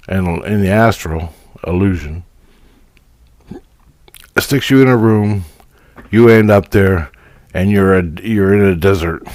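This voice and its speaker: Brief: low male voice, frustrated profane vlog rant. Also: a little mellow, no room sound. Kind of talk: casual spiritual vlog monologue.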